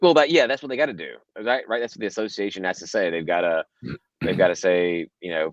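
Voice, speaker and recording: A man's voice: sits low, fast talker, no room sound. A man co-hosting a casual livestream podcast, joking and laughing often, with frequent restarts. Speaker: podcast co-host. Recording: slightly dull lo-fi sound.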